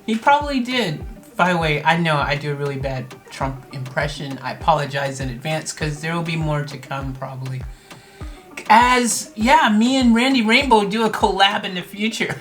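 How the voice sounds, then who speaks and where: A woman's voice: low voice, moderate pace, faint music behind. A woman from the United States hosting a casual reaction video, rambling and self-mocking with lots of fillers.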